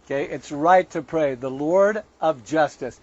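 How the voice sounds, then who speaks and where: A man's voice: on the high side, a little slow. Emphatic man preaching, lo-fi sound. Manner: conversational preaching, quotes scripture, emphatic asides. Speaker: online preacher and show host. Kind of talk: sermon-style commentary.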